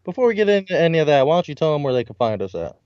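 Twenties male co-host, animated, laid-back, lo-fi dry mic. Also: fairly high pitch, racing, no room sound. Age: 20s. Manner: laid-back, laughs easily. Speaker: podcast co-host. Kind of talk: casual beer-drinking podcast banter.

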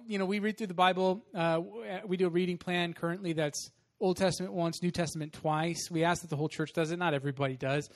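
A young man preaching a sermon with a slightly high voice. He talks casually and animatedly, telling stories and moving between loud bursts and quiet asides. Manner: casual, animated storytelling with laughs. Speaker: pastor.

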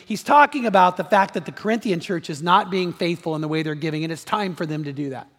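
This pastor preaches fast in a high, slightly bright voice, earnest and repetitive, often asking the congregation questions. Everything he says echoes through a spacious church hall with long reverberation.

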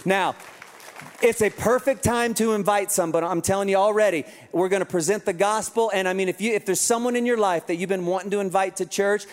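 A male pastor with a high, bright-sounding voice urges and jokes with his congregation from the stage. His words ring out with a long reverb from a large venue. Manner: energetic, joking, urging the crowd. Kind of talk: church announcements from the stage. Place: large church venue with a live audience.

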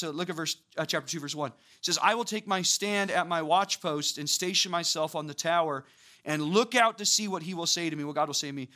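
Bright, animated male preacher. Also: fairly high pitch. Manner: animated, acts out voices of biblical figures with casual asides. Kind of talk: sermon.

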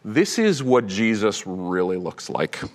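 A man preaching a sermon with animated delivery, swinging from loud proclamation to hushed tones. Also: lowish voice, a little slow, long reverb tail. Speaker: pastor.

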